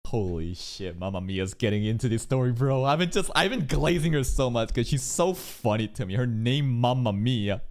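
An anime reaction streamer giving casual, excitable commentary, swearing often and calling the viewer bro. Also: mid-range voice, moderate pace, few pauses. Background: anime audio playing.

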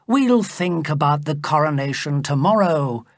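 A woman voicing a carefree young king who is loud and fond of wine, in hearty, jovial exclamations. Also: low-pitched, expressive, a little slow, dry recording, clean studio sound, exaggerated voice. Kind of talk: storybook character voice.

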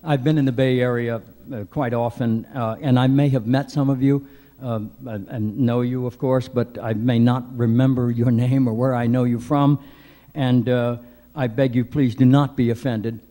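Older male keynote speaker, mellow tone, dry self-deprecating humor, halting delivery, reverberant hall mic. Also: mid-range voice, fairly even intonation. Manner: wry self-deprecating storyteller, many hesitant "uh"s. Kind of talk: anecdotal after-breakfast speech. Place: large banquet hall.

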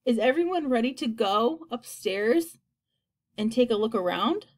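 A woman's voice: fairly high pitch, expressive, measured pace. A woman reading aloud and voicing a wise, kindly old male grasshopper who tries to sound cheerful. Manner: cheerful, reassuring.

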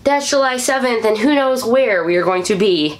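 A woman from St. Louis hosting a weekly fan news vlog, upbeat and chatty, breaking into excited whoops. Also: fairly high pitch, moderate pace. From St. Louis, USA.

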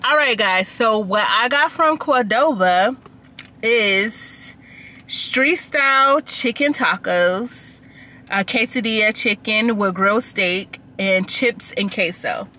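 A woman's voice: medium pitch, slow pace, pushed and bright. A woman vlogger chatting casually and slangily to her viewers in an upbeat food vlog. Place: outdoors at sunset.

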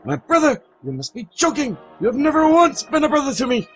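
A man voicing a haughty aristocratic young male pigeon who shouts in shrill indignation. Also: wildly swooping pitch, fairly quick, faint music behind, heavily acted. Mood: indignant.

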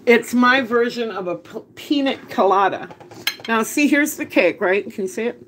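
A woman's voice: a little high, moderate pace, fairly bright tone, a little hiss or hum. A woman hosting a casual live cooking stream from her home kitchen, chatty, laughing often and greeting viewers by name. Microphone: phone camera.

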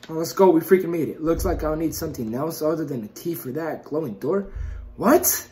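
A gaming YouTuber with a fairly high, fairly quick voice records let's-play commentary on a horror game, with slight background noise. Jumpy and excitable, he yelps at scares, then mutters and trash-talks the game with constant mild cursing.

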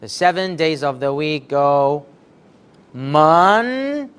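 Slow, lively male teacher drilling children. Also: a little high. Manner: slow, drawn-out call-and-response drilling; cheerful praise, sometimes sings prompts. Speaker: English teacher. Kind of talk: online class for young children.

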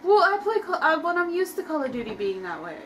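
A woman's voice: high voice, very animated, fast, a bit bright, a little hiss or hum. A young woman chatting and teasing while gaming with her brother, saying "like" a lot. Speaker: co-player, sister of the host. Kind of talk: casual gaming chat.

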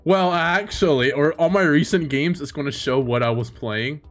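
A young man giving casual, profane gaming commentary in an excitable way, breaking into loud laughter. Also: fairly high pitch, moderate pace. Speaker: streamer.

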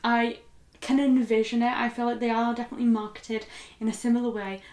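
A woman's voice: fairly high pitch, level tone, a little fast, darkish tone, reverberant. A young woman co-hosting a book readalong, chatting casually with lots of fillers and giggles. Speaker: co-host of a book readalong channel. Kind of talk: casual chat.

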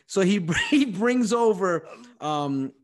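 Animated New comedian telling a story. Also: male voice, high-pitched, slow. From United States. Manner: comic storytelling, acts out quoted voices, swears freely. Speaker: comedian guest.

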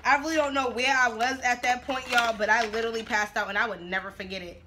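A woman's voice: a little high, fairly even intonation, fast talker, background noise. A woman vlogging casually at home while doing her makeup, brash and profane, often breaking into laughs. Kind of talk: casual get-ready-with-me chat. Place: at home, making dinner while filming.

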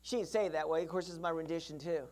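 Speaking rapid-fire at a middle pitch, a pastor tells his sermon like a vivid story, voicing the characters. He repeatedly calls out for the congregation's answers, restarting phrases and tossing in asides.

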